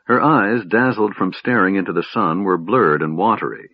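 A man narrating a fantasy story in a measured, dramatic reading, in a dull lo-fi recording. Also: deep voice, husky, no echo. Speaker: audiobook narrator.

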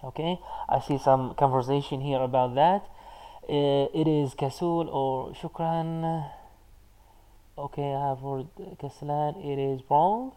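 A man teaching an online lesson, explaining patiently and pausing often with filler sounds as he answers chat comments. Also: on the high side, mellow, smooth, rough recording. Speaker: Arabic teacher.

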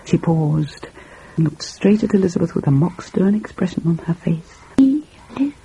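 A man reading a story aloud in a measured, reflective, musing manner. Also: on the high side, creaky, dark tone, slightly rough, low-quality recording. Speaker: narrator. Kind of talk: audiobook reading.

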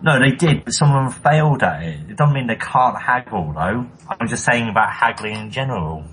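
A man's voice: mid-range voice, lively intonation, a little fast, noisy background. A man co-hosting a casual chat show, arguing his points in a dry, matter-of-fact way. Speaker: podcast co-host.

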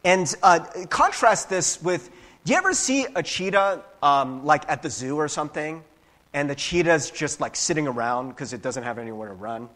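Animated, husky-voiced male pastor. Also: normal speed. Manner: casual, animated preaching with frequent "right?" tags; acts out voices with big pitch jumps. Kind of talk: conversational sermon.

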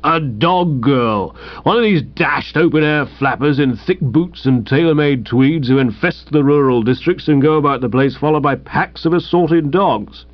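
A man voicing a hearty, brusque older woman with a loud ringing voice. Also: on the high side, normal speed, no room sound, lo-fi sound, close to an everyday voice.

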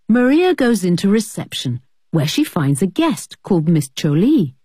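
A female presenter narrates a scripted lesson and puts questions to the listener. Her voice is lowish and husky, with lively intonation. The sound is dry and close. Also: moderate pace, no room sound, faint music behind. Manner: asks the listener questions about the scene.

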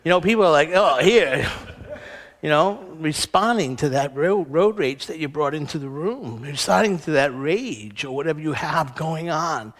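A man's voice: a little high, fairly bright tone, in a large hall. A middle-aged man giving a conversational sermon, telling personal stories and acting out the voices in them. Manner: conversational storytelling, acts out voices. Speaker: speaker at a spiritual center.

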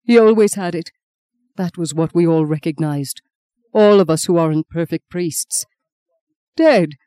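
A woman voicing a seventy-one-year-old male cardinal, formal and measured, whose speech breaks with grief. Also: lowish voice, warm tone, no echo, clean studio sound, natural voice. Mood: grieving.

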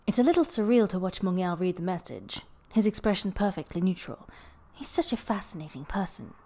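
A woman narrating a story for a podfic in even, unhurried storytelling. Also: lowish voice. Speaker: podfic reader. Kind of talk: scripted narration.

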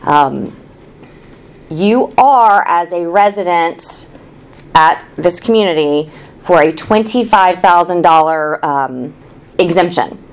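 A woman's voice: fairly low pitch, expressive, slow. A woman on the administrative staff, making a casual, upbeat announcement to residents and explaining things.

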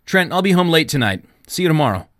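A man voicing a fatherly small-town police chief and pastor, speaking gently and with feeling. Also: on the high side, big pitch swings, fast, no room sound, clean studio sound, pitched above the performer's own voice. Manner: gentle, emotional.

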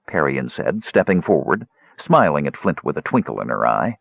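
A man narrating a fantasy audiobook in an expressive storytelling manner. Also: extremely low pitch, moderate pace, gravelly, husky, dry recording, narrow, tinny audio.

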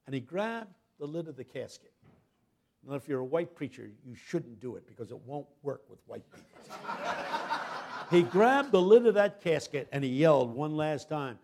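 An older man delivers a sermon as a guest preacher, spinning stories with humor. His voice sits a bit high for a man and carries a gravelly rasp, and he builds from easy storytelling to loud, impassioned peaks. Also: big pitch swings, normal speed.

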